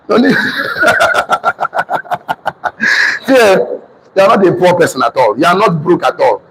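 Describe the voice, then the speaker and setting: Emphatic high-voiced Nigerian man teaching. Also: fairly bright tone, low-quality recording. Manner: emphatic, repetitive, drills the audience in call-and-response. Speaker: motivational teacher. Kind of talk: motivational class lecture.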